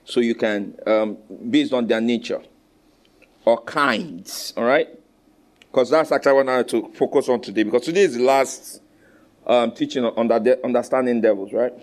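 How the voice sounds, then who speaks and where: A Nigerian-accented male preacher speaks at normal speed in a commanding, animated sermon, where loud exhortation gives way to low asides and call-and-response with the people in the pews.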